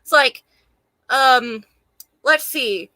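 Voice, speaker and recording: Casting note: young Southern woman with a light Charleston accent, high, dry close voice, rambling, swearing and laughing, a little out of breath. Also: very slow, sharp tone, no echo. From Charleston, South Carolina. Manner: profane, laughing often, rambling and emphatic. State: hot and a bit out of breath. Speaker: vlogger. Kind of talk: casual rant to camera.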